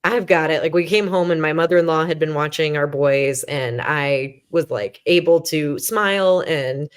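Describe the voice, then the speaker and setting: Speaking at a moderate pace with a clean tone, this low, deep-voiced woman in her thirties shares her story on a podcast. Her conversational telling is frank and self-deprecating, packed with "um," "like," and restarts, and she voices her former thoughts as little quotes.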